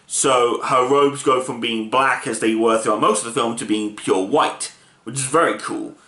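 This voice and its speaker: A man's voice: medium pitch, normal speed, pushed and bright. A man casually reviewing a film, retelling the plot with enthusiastic, rambling energy. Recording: roomy echo.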